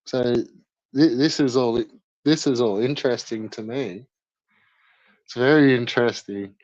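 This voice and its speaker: Slow-talking, foul-mouthed young man. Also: mid-range voice, darkish tone, dry recording. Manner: profane, mocking banter with frequent laughs. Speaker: streamer. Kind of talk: live stream commentary. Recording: dry, slightly dull lo-fi mic.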